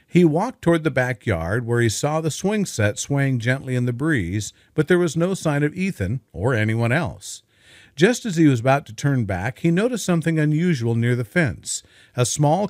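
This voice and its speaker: Male storyteller, dramatic read with a lively, swinging pitch and a dry, close sound. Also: dry recording. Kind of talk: scripted story narration.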